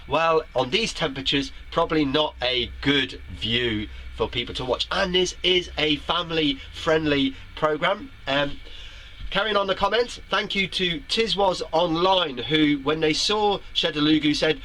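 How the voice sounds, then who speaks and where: A man's voice: lively intonation, normal speed, pushed and bright, slight background noise, poor audio. A middle-aged man hosting a homemade show from his shed, reading out viewer comments in a playful, theatrical way. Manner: playful, theatrical, jumps to high pitch when quoting. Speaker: host of a homemade web show. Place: garden shed.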